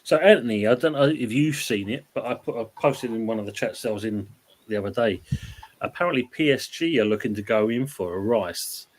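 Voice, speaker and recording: A man's voice: medium pitch, a little fast. A man hosting a casual football chat show, reading viewer comments aloud in a laid-back way. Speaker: podcast host reading live chat.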